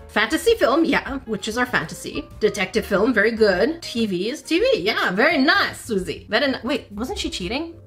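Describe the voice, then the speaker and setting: A woman's voice: a little high, a bit bright. A woman, a former teacher, giving playful let's-play commentary, laughing often and scolding game characters. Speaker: gaming channel host.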